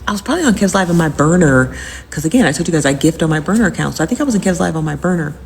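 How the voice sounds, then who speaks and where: Woman host, lowish voice, rambling casual recap, long reverb on the recording. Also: racing, vocal fry, a little mellow, a little hiss or hum. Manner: rambling and repetitive, with frequent fillers. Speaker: host recapping live-stream drama. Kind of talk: casual chat.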